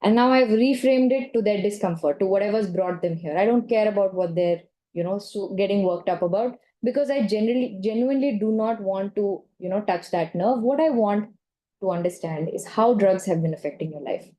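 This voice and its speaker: A woman's voice: mid-range voice, brisk, mellow. A woman lecturing in a training session, explaining with examples and acting out short lines, often checking in with "okay?" and "right?".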